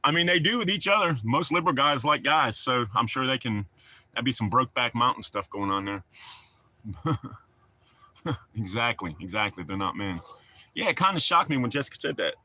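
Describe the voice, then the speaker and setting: A man's voice: medium pitch, animated, normal speed, long pauses, bright, forceful tone. A middle-aged man, chatting casually and rambling to his livestream viewers. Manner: rambling, folksy, talks to the chat. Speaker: livestream host.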